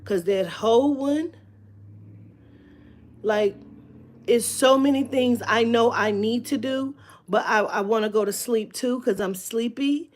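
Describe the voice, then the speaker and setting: Slow-talking woman in a candid live chat. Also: fairly high pitch. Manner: rambling, candid, swears freely, many fillers. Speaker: live-stream host. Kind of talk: casual live-stream chat. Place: at home.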